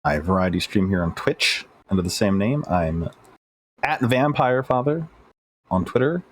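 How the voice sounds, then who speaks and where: A man introducing himself as a player in a relaxed, joking way. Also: on the low side, unhurried, dry recording. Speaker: player, streamer.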